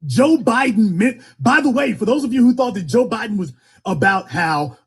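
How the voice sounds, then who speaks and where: A man runs a political call-in show with a raised, husky voice. His delivery is fiery and emphatic, and the pitch leaps all over the place. He keeps stacking repeated phrases to press each point. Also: lively intonation, moderate pace, fairly bright tone.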